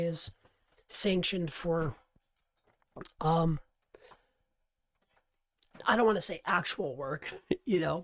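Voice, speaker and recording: A hoarse man with a worn-out voice hosting a casual live stream, talking close to the mic in an animated, chatty way. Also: on the high side, no room sound. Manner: animated, chatty, laughs easily. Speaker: host of a live coaching stream. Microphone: close-up microphone.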